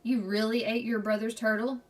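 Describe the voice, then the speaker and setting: A woman's voice: a little high, level tone, moderate pace, far from the mic, close to an everyday voice. A woman voicing a fretful, doting mother of two boys in a children's book read-aloud. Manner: fretful and exclaiming.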